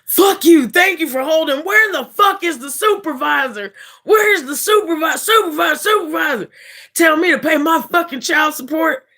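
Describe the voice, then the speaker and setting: A woman voicing a furious man who is shouting and cursing at a bank over a frozen account. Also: on the high side, moderate pace, pitched above the performer's own voice. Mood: raging.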